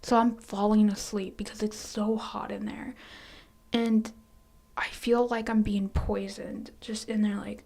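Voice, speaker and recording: A quiet, soft-spoken woman telling a casual storytime about her work, hesitant and sometimes sinking into near-whispers. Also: medium pitch, flat delivery, measured pace, vocal fry. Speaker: storytime vlogger.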